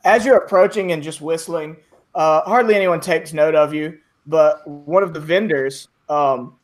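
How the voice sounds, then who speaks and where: A man's voice: fairly high pitch, unhurried. A man narrating as game master of a tabletop game, rambling with many fillers.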